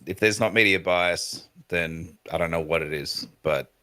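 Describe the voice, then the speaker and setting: A man on a casual gaming podcast, speaking in a monotone while making his case. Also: sits low, moderate pace. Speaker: podcast panelist.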